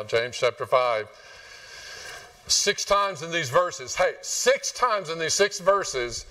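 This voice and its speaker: A man's voice: medium pitch, pushed and bright, far from the mic. A man preaching a sermon to his congregation in a conversational, joking way. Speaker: pastor. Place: church sanctuary.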